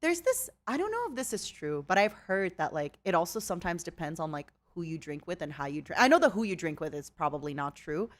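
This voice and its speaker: Woman streamer, bubbly casual chat host, lively pitch. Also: a little fast, few pauses. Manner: bubbly, laughs often, animated.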